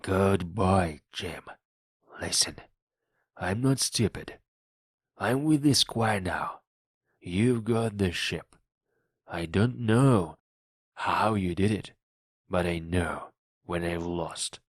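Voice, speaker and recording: A man's voice: sits low, takes it slowly, long pauses, dry recording, studio quality. Long John Silver, a man playing a fierce pirate captain. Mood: hushed, scheming. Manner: loud, commanding and threatening. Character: fierce old male pirate captain, cunning and bold. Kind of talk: read-aloud audiobook acting.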